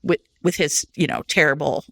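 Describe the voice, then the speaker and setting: A woman co-hosting a casual chat podcast, retelling a book in a lively way and acting out the characters' lines. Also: deep voice, moderate pace, creaky, no echo, studio quality. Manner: lively storyteller who acts out characters' lines. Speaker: podcast co-host. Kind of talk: casual chat about books.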